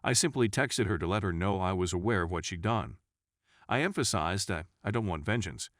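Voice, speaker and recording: A man reading a first-person story aloud as scripted narration, at an even, steady pace. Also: fairly low pitch, no echo, clean studio sound.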